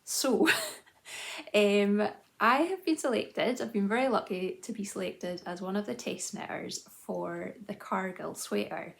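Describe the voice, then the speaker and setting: In her thirties, a woman hosts a knitting video journal, chatting casually to camera in a medium-pitched, creaky voice at a slightly slow pace. She's self-deprecating and often says "um" or restarts her sentences.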